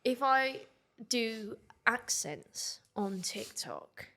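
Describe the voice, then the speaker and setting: A woman's voice: fairly high pitch, expressive, drawn-out words, sharp tone. A woman, chatting casually as a podcast guest. She laughs easily and often trails off mid-sentence. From England. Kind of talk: casual chat.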